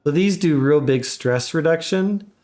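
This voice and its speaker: A man giving relaxed, chatty commentary while live streaming a game. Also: on the high side, unhurried. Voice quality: relaxed, chatty, laughs often.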